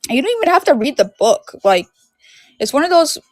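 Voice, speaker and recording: A woman's voice: high-pitched, big pitch swings, brisk, dry recording. A young woman with a sore, itchy throat, chatting casually on a livestream while selling DVDs and VHS tapes, rambling with lots of fillers. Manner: rambling, filler-heavy storytelling.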